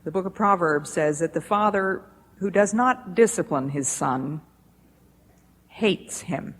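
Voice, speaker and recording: A woman giving a devotional talk in a measured, deliberate way, recorded in a lecture hall in the 1980s. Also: on the low side, animated, husky. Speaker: speaker at a Bible institute. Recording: echoey hall with faint hiss, 1980s.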